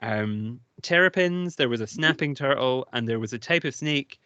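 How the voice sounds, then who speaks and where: A man's voice: medium pitch, moderate pace, sharp tone, smooth, no room sound. Man, from the uk, podcast co-host, enthusiastic, rambling, dull dry audio. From United Kingdom. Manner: enthusiastic, rambling, laughs often. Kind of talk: casual chat.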